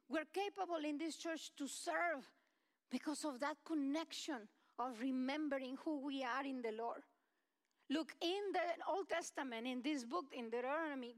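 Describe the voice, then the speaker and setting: A woman preaching a sermon, impassioned and swinging between loud declarations and soft, low passages, an English speaker.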